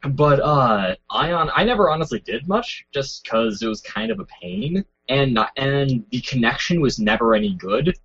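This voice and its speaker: A man's voice: medium pitch, very animated, normal speed, creaky, hardly any pauses, fairly bright tone, breathy edge. A young man as a podcast guest in casual chat, rambling through memories with lots of fillers and restarts. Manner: rambling, self-mocking, many fillers and restarts. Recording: dull lo-fi sound.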